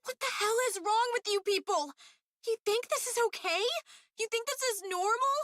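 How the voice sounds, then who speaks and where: A woman voicing a young woman who shouts at a crowd to protect her pop star friend, then breaks down sobbing. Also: very high voice, moderate pace. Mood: furious.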